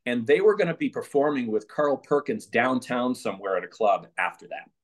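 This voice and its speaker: A man telling anecdotes as an interview guest, his voice rising and falling through a wide, lively range. He acts out other people's lines and laughs as he goes. His pitch sits in the middle for a man. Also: fairly quick. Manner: animated, laughs through stories, acts out quotes. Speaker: podcast guest, former page.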